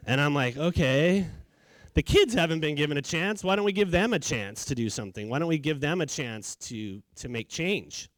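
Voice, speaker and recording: A middle-aged man from California telling his story in a casual, animated way, acting out what people said. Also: mid-range voice, no echo. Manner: casual, animated, acts out quotes. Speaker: charity founder, speaker. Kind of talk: storytelling talk.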